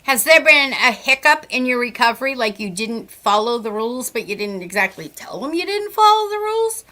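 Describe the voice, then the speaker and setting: With a fairly high pitch and a very animated delivery, this psychic medium talks a little fast. A middle-aged woman with a Massachusetts accent, she chats warmly on radio, giving readings and saying "like" often.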